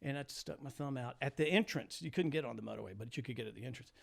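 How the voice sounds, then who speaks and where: A man in his sixties from the United States, a former teacher telling travel stories in a casual chat, animated and laughing as he goes. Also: mid-range voice, fast talker, vocal fry. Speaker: guest, former high school teacher.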